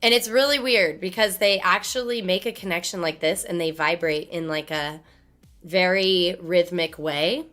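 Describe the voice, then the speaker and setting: Female streamer, hoarse with laryngitis, bright edge, blunt and chatty, studio mic. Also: fairly low pitch, moderate pace, soft background music. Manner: blunt, chatty, explains with gestures. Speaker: musician streamer. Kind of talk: casual live-stream chat. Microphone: studio microphone.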